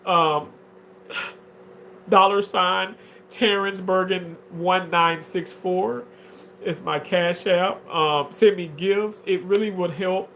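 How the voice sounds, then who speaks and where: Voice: steady tone, slow pace, fairly bright tone, a little hiss or hum. Theatrical livestreamer reading chat aloud. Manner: theatrical, swings into shrill mock wailing; drawling, filler-heavy talk. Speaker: livestreamer reading viewer comments. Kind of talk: casual live-stream chat.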